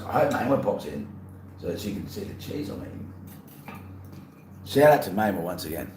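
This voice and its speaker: A man's voice: low-pitched, lively intonation, normal speed, long pauses. A man casually chatting to his live-stream chat, playful and reading messages aloud. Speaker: livestreamer. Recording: echoey room, faint ambient noise.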